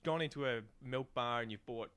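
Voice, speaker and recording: A man's voice: mid-range voice, a little fast, fairly bright tone, clear, resonant tone. An Australian man hosting a casual chat, explaining slang in a loose, sweary, talkative way.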